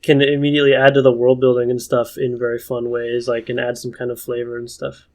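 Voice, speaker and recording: A man's voice: mid-range voice, monotone, fairly quick. A man co-hosting a casual podcast about tabletop games, talking in a rambling way with many fillers and restarts. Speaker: podcast co-host.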